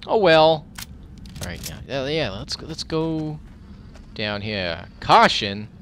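A man commentating his own gameplay, talking straight to the screen as things happen. His voice has a bright, forceful edge and swings widely in pitch. He shouts curses at enemies, then drops to low mutters while rummaging through loot. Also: slow pace, a little hiss or hum. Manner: excitable, profane, talks to the game as he plays. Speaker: gaming commentator. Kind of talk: let's play gameplay commentary.

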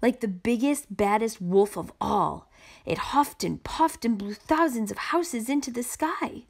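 Storybook mother read by a woman, emphatic, vivid, higher, lively. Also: unhurried, creaky, full character voice. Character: a young mother, warm and dramatic.

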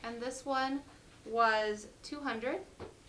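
Woman host, bright cheerful sale patter, slightly higher voice, mic a bit distant with faint hiss. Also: steady tone, slow. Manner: chatty, upbeat, reads lot numbers and prices. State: losing her voice. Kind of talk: live jewelry sale chat.

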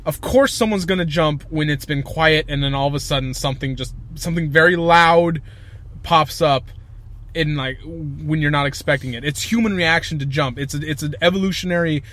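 A man's voice: on the high side, moderate pace, fairly bright tone. A young man co-hosting a casual podcast, ranting emphatically and swearing a lot. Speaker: podcast co-host. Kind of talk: casual chat.

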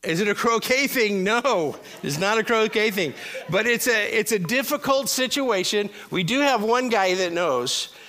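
A man's voice: sits high, lively intonation, measured pace, pushed and bright. A male pastor giving a sermon to his congregation, chatty and joking with asides to the crowd. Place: church service before a congregation.

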